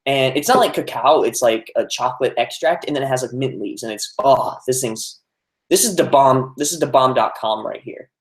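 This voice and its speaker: A man's voice: medium pitch, moderate pace. Chatty young man in a roomy echo. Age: young adult. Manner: chatty, reads out viewer comments, many "like" fillers. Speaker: streamer. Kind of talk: casual live stream chat.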